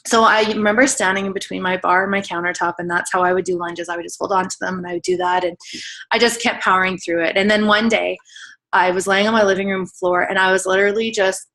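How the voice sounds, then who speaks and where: She talks fast in a steady, medium-pitched, fairly bright voice. A woman in her thirties, she's a guest speaker on a team call giving an emotional, earnest testimony peppered with fillers.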